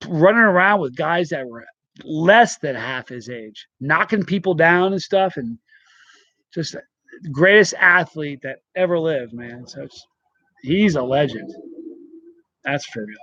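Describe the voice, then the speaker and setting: Animated man telling a story. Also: on the high side, no room sound, highs cut off. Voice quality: animated, quick to laugh. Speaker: host. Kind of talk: casual storytelling on a live stream.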